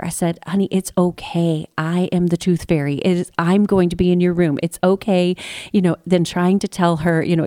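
A woman's voice: lowish voice, mellow, no room sound, studio quality. A woman, hosting a parenting show and telling stories in a chatty, encouraging way. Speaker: podcast host. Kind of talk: conversational show intro.

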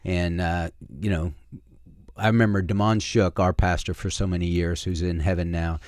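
A man's voice: low voice, flat delivery, moderate pace, darkish tone, dry recording, studio quality. A middle-aged man hosting a talk radio show as a pastor, speaking earnestly in a folksy way with plenty of filler words. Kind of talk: casual talk radio with preaching. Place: radio studio.

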